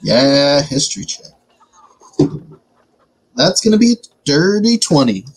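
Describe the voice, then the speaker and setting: A man's voice: on the high side, sing-song, takes it slowly, slightly rough, rough recording. Playful man at a tabletop game. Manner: playful, joking. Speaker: player. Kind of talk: casual tabletop game chat.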